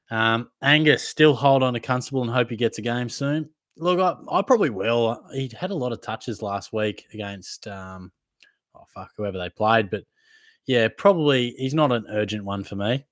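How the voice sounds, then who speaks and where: A man's voice: medium pitch, fairly bright tone, dry recording, studio quality. A young Australian man hosting a casual live Q&A, reading viewer comments in a laid-back, matey way. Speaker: fantasy football livestream host.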